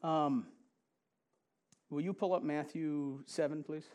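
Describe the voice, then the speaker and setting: This sermon comes from a man whose voice is a little high, steady, and darkish. Speaking conversationally in a church sanctuary, he poses questions to the congregation and laughs a lot before shifting into a slow, emphatic scripture reading.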